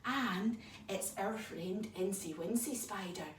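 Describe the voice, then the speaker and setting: A woman leading a children's yoga story lesson in an animated, encouraging, sing-song way. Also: mid-range voice, takes it slowly. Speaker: kids yoga teacher. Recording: echoey room, mic far off, faint noise.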